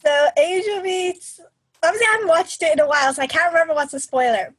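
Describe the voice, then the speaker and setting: Animated high-pitched woman, expressive podcast co-host, dry recording. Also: quick pace, no echo. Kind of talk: casual chat.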